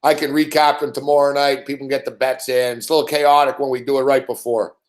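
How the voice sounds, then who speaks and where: A man's voice: medium pitch, level tone, quick pace. A man hosting a casual video chat, easygoing and prompting his guest. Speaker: host.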